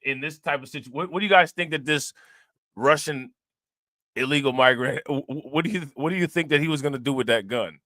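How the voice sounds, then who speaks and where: A man's voice: mid-range voice, a little fast, bright, forceful tone, no echo, clean studio sound. A man hosting a reaction channel, talking casually and firing rhetorical questions at his viewers. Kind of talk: casual commentary.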